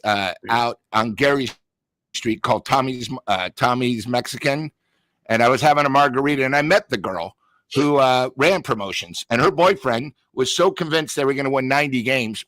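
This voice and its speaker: A man's voice: a little high, a bit bright, no echo. A man giving blunt, ranting sports talk, telling stories with quoted back-and-forth. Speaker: sports talk show regular. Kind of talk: heated casual sports talk.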